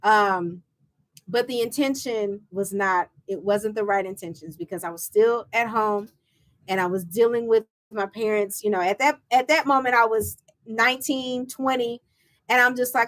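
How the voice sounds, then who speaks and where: A woman, hosting her show and telling a personal story with lively acted-out quotes and laughs. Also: fairly high pitch, moderate pace. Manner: animated, acts out quoted voices with laughs. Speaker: show host and founder. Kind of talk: personal storytelling to a live audience.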